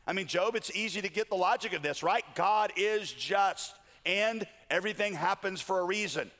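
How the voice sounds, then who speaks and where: A man's voice: high-pitched, normal speed, fairly bright tone. A man voicing Job's friends, who lecture him insistently. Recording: long hall reverb.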